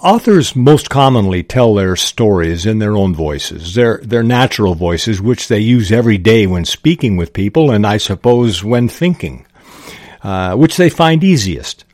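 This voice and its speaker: A man hosting a podcast, explaining writing craft in a slow, thoughtful way, with small restarts. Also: lowish voice, animated, a little mellow, dry recording, clean studio sound. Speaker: podcast host.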